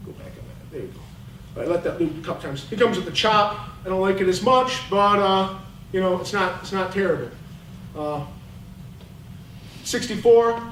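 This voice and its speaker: A man coaching at a clinic, talking bluntly and with fire over game film. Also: sits high. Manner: animated, blunt, fired up. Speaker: football coach. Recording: roomy, distant mic, faint noise.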